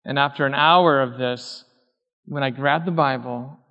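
Storytelling pastor in a reverberant hall. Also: male voice, medium pitch, unhurried, muffled recording. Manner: storytelling, acting out quoted voices. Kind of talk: sermon with personal story.

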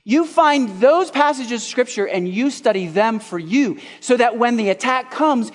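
A male pastor preaching a sermon, asking rhetorical questions and swinging between loud and hushed. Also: very high voice, expressive, a little slow, hardly any pauses, long reverb tail.

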